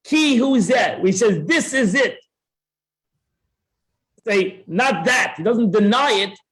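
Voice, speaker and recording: A man with a fairly high voice teaches a classroom Talmud lesson. He acts out the claims of both parties in an animated way and restarts his phrases often. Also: slow pace. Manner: repeats words and restarts often. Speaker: Torah teacher.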